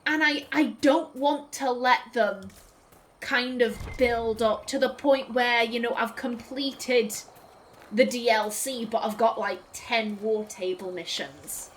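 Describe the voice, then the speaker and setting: A woman's voice: on the high side, slow, slight background noise. A woman giving casual, chatty gameplay commentary as a let's play host, politely apologizing to game characters.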